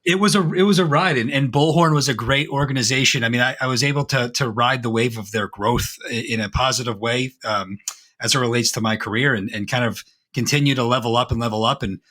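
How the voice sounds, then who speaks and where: A man's voice: mid-range voice, fairly quick, fairly bright tone. A man in his thirties with a faded Philadelphia accent tinged by Boston, a guest in an interview who talks in an upbeat, affirming way and often repeats himself. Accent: faded Philadelphia with some Boston. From Philadelphia, USA. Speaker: guest, advisory firm founder. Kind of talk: conversational interview.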